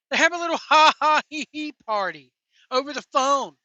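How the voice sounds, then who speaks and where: High, bright-voiced woman ranting sarcastically. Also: lively intonation, a little slow, no echo, highs cut off. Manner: profane, mocking, sarcastic. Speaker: wrestling commentary vlogger. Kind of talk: ranting reaction commentary while driving. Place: in a vehicle.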